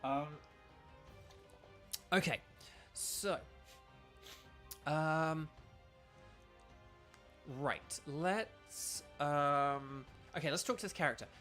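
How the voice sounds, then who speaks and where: A man's voice: a little high, extremely slow, pauses often, pushed and bright, faint music behind. A young British man chatting casually while streaming a video game, rambling with lots of ums and restarts. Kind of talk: casual live-stream chat.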